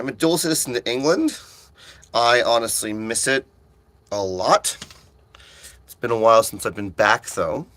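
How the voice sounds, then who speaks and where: A man, an audiobook narrator, chatting casually with viewers on a livestream, excitable and quick to burst into exclamations, with frequent restarts. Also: mid-range voice, a little hiss or hum. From United States. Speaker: audiobook narrator live-streaming. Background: faint chill music he put on.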